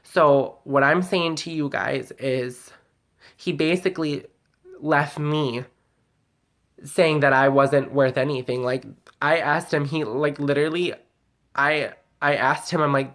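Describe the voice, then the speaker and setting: A woman's voice: sits low, steady tone, slow, fairly bright tone. A woman talking straight to camera in a personal vlog, heated and venting, sometimes close to tears. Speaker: vlogger.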